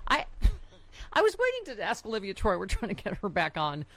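Animated, laughing talk-show host. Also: medium pitch, fairly quick. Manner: animated, laughing often, jumping between thoughts. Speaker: podcast host. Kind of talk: casual chat.

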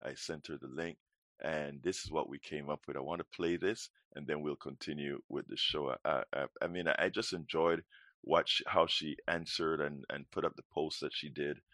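A man's voice: very deep voice, steady tone, normal speed, pushed and bright, no echo. A man hosting a political talk show, speaking energetically and repeating words as he starts his sentences.

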